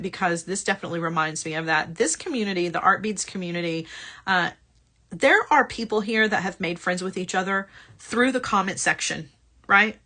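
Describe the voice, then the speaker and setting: Bright-voiced chatty woman hosting a sales show. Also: medium pitch. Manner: chatty, upbeat, keeps asking "right?". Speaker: host of a live shopping show. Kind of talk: live jewelry-supply sales chat.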